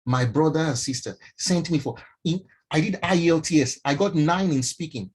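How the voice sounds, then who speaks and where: A middle-aged Nigerian man with a Nigerian accent, a doctor telling a personal story to an online audience in an emphatic, animated way. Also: on the high side, normal speed, husky, rough recording. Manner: emphatic, animated, addresses listeners directly. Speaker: doctor and mentorship speaker. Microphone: online stream from home.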